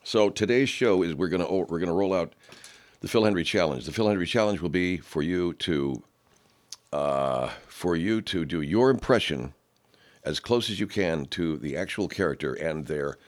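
A middle-aged man hosting a talk show, ranting with heavy profanity in a gravelly manner. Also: animated, normal speed. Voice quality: very low, gravelly, growly rant. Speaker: radio host.

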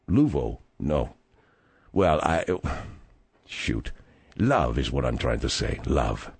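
A man with a Spanish accent hosting a radio talk show, rambling and halting through his thoughts with many fillers and stammers. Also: rumbling low, big pitch swings, gravelly, darkish tone, slightly rough, no echo. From abroad, moved to America. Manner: halting, stammering, full of fillers and drifting tangents.

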